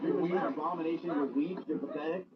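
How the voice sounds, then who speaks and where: A man's voice: on the high side, fairly even intonation, fast talker, heavy background noise. A man streaming, chatting casually in a blunt, teasing way. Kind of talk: casual chat. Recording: dull lo-fi stream audio.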